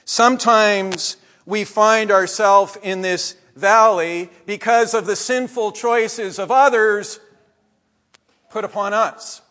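Male pastor, high voice, slow deliberate sermon delivery, big church reverb. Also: fairly even intonation. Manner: measured preaching, trailing off softly at phrase ends. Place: church sanctuary.

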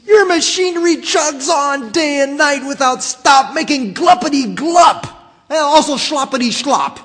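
The Lorax, shrill and scolding. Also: male voice, lively intonation, takes it slowly, big-room sound, exaggerated voice. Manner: shrill, shouting, coughing and croaking. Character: fussy small male forest creature, scolding. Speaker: preacher reading a story aloud.

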